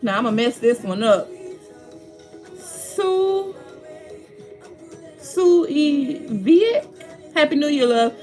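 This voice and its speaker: Woman livestream host, high voice, chatty, greets viewers by name. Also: sing-song, very slow, pauses often, a little mellow, faint music behind. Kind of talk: casual livestream chat.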